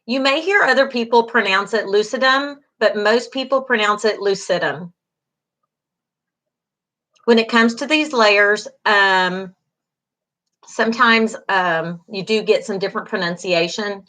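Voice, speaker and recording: A middle-aged woman teaching an online class. She talks in a patient, reassuring way, repeats the key terms, and uses plenty of everyday fillers. Her pitch sits at an ordinary middle height for a woman. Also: pushed and bright, rough recording. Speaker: instructor.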